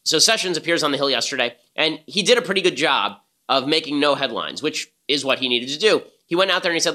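Male podcast host, rapid-fire, sharp and bright tone, argumentative. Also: a little high, expressive. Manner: emphatic, argumentative. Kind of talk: fast opinionated commentary.

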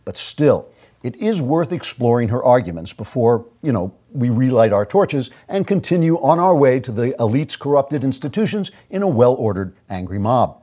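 A man's voice: medium pitch, very animated, moderate pace, dark tone. Sarcastic male commentary host. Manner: mock-grandiose, sneering sarcasm. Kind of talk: sarcastic political commentary monologue.

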